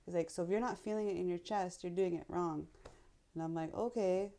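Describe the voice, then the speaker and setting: A woman's voice: on the low side, brisk. Blunt, swearing woman telling a story. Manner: blunt, swears, animated retelling. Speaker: podcast guest. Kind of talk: casual storytelling.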